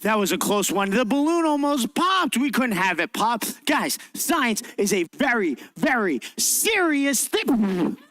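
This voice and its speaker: A man leads a kids' science demonstration in a library room, upbeat and theatrical as he guides the children. His voice sits very high and rings bright and forceful. The sound is close and dry. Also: very animated, normal speed, hardly any pauses, no echo. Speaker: children's science show presenter. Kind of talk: interactive science demonstration for kids.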